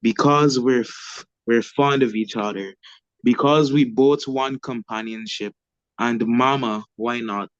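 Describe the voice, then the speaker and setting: A young man reading aloud the part of a grown son announcing his engagement, in a flat, tired voice. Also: mid-range voice, measured pace, no room sound, lo-fi sound, lightly acted. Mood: defensive. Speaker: student reading Henry in class.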